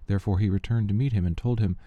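A man giving a steady, measured reading of Bible passages aloud, with the odd slip he corrects. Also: lowish voice, no echo, narrow, tinny audio. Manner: steady, measured reading with small slips and restarts. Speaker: scripture reader.

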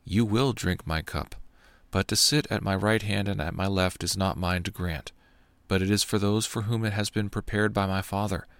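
A man reading the words of Jesus as a grave, unhurried teacher. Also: lowish voice, fairly even intonation, clean tone, dry recording, natural voice. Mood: solemn. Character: calm authoritative male teacher, Jesus.

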